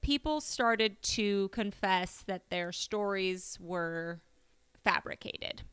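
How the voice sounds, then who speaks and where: A woman's voice: medium pitch, takes it slowly, a bit bright, clear, resonant tone. An American woman co-hosting a casual true-crime podcast, making wry jokes and swearing offhandedly. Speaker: podcast co-host.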